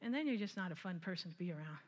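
A woman preaching a conversational sermon, retelling scripture with lively asides and frequent laughter. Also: fairly low pitch, very fast, highs cut off.

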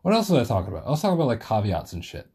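A man's voice: mid-range voice, wildly swooping pitch, racing, mellow, husky. A man hosting a solo podcast, rambling casually and swearing a lot, with self-deprecating asides.

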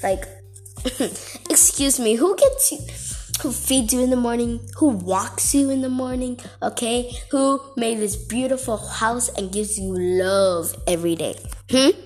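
A woman's voice: on the high side, unhurried, darkish tone, faint music behind. Chatty exasperated woman vlogger. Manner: chatty, exasperated, lots of "like" and "okay". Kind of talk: casual rant to camera.

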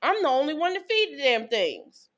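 Her voice sits high and moves at a normal speed as this podcast co-host in her thirties tells a story in casual chat. She's animated throughout, acting out lines spoken by her kids and her ex.

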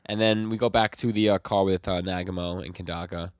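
Podcast co-host, man with a deep voice, casual recap style, quoting characters, dry sound. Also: fairly even intonation, a little fast, dry recording. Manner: retells scenes, quoting characters with light voice shifts, frequent laughs and restarts. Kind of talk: casual chat recapping manga chapters.

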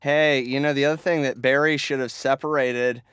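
Smooth-voiced man, dry and hesitant. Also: mid-range voice, fairly even intonation, normal speed, a bit bright. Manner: hesitant, full of uh, dry jokes. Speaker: podcast co-host. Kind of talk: casual chat watching wrestling.

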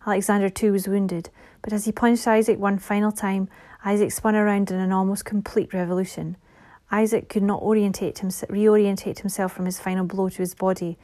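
A woman reads a fantasy novel aloud in a soft, measured voice. Her tone is mellow and rather dark. At times she drops into a hushed whisper. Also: medium pitch, flat delivery. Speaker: audiobook narrator. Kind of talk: scripted fantasy narration.

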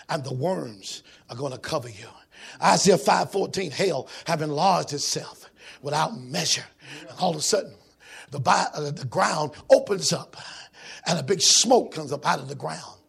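A preacher delivering a sermon, alternating rhythmic shouting with quieter storytelling in a raspy voice. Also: male voice, a little high.

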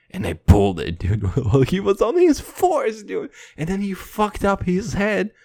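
A man's voice: high-pitched, creaky, no echo, studio quality. A man rambling through profane stories in a casual late-night monologue, laughing now and then. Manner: animated, laughing between lines. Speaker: vlogger.

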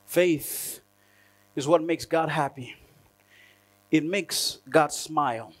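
High-voiced man preaching animatedly. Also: slow. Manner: animated, laughing often, acting out prayers. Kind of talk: sermon.

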